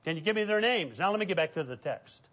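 A middle-aged pastor preaching a sermon in a fairly high, lively voice. He tells stories from his own ministry and acts out the people in them. His voice swings up for the quoted lines and drops low for the asides. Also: fast talker. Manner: animated storytelling, acting out quoted voices.

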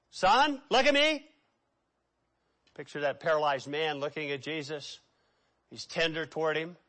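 A man preaching a sermon with dramatic swings between hushed and loud delivery. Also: sits high.

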